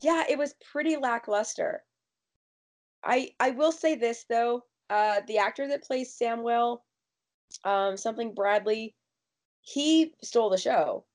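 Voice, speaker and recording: A woman hosting a casual TV recap chat, quick and emphatic as she gives her opinions. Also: fairly high pitch. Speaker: podcast host.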